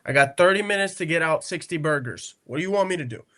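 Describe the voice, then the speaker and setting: A man with a fairly high voice talks quickly, telling stories on a laid-back podcast where he's a co-host. He acts out the people in his tales and sprinkles his lines with "right?" and "okay?"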